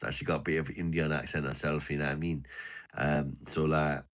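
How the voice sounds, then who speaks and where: A brash, rambling young man voiced by a man in an exaggerated mock Jamaican patois, with a low and deep voice. He keeps piling on fillers, and nearly every phrase ends in "man" or "you know what I mean". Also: flat delivery, a little fast.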